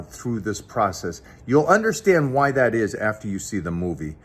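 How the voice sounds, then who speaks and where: A man's voice: on the low side, a little hiss or hum. A man hosting a fitness talk show, speaking earnestly and directly to his viewers. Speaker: show host. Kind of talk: casual chat and direct sponsor pitch.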